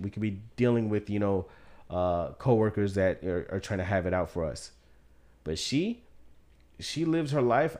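A man co-hosting a podcast, chatting casually and jokingly about a movie, swearing freely. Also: on the low side. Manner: profane, joking, animated storyteller. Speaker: podcast co-host. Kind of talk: casual movie-discussion chat.

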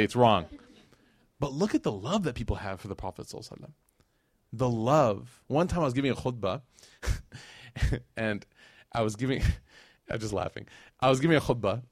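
A man giving a religious lecture as a casual, animated story, with slangy asides to the audience. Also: medium pitch, no room sound, clean studio sound. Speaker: Islamic lecturer.

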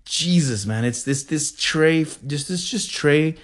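A man from the El Paso area hosting a podcast, rambling in an animated, digressive way. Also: fairly high pitch, slow. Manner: animated, digressive, says "freaking" a lot. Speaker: podcast host. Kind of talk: rambling casual monologue.

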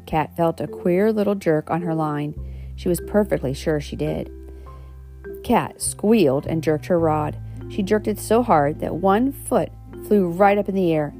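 A woman's voice: fairly low pitch, mellow. A woman reading a children's storybook aloud, with homely asides and self-corrections. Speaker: reader.

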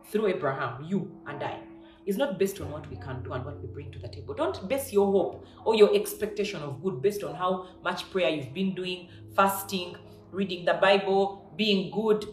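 A woman preacher giving a devotional sermon, emphatic and repeating her key lines for effect. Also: medium pitch. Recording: echoey room.

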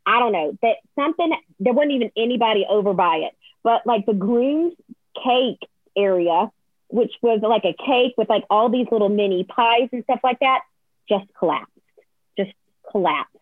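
A woman, a floral designer telling a story as a guest, lively and acting out quotes with sudden high squeals. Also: moderate pace, no room sound. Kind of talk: animated storytelling. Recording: tinny phone-like line, dry.

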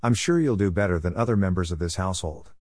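A man's voice: low-pitched, lively intonation, quick pace, darkish tone, no echo, clean studio sound. A man voicing a stiff, formal master of the house in a story reading.

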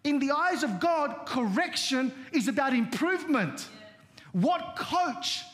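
A man's voice: extremely high pitch, animated, moderate pace, a bit bright. A man preaching a sermon as pastor, telling stories in a repetitive, conversational way and often saying amen. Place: church.

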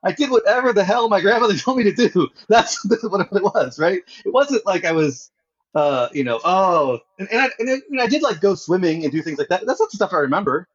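A man with a high, lively voice who thinks aloud and stumbles through restarts. The sound is dull and lo-fi. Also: a little fast, husky. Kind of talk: casual chat.

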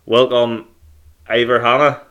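A man's voice: medium pitch, level tone, a little slow, a bit bright, highs cut off. A man with a Northern Irish accent hosting a podcast in casual, cheeky, jokey banter with crude humour. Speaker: podcast host.

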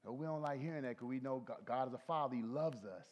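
A middle-aged male pastor preaching a folksy sermon, swinging from low soft asides to shouted peaks. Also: fast, muffled recording. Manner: folksy, talks to the congregation.

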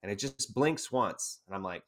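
Lower-voiced man telling a war story. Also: normal speed. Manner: animated anecdote-telling with frequent laughter. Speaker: guest, army veteran. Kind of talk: casual storytelling.

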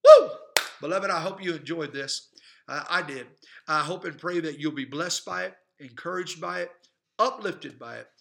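Preacher guy, highish sharp voice, fired up and repeating himself for emphasis. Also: moderate pace, creaky. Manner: fervent, emphatic, repetitive preaching cadence. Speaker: pastor and evangelist. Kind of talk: preaching sermon. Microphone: podcast microphone.

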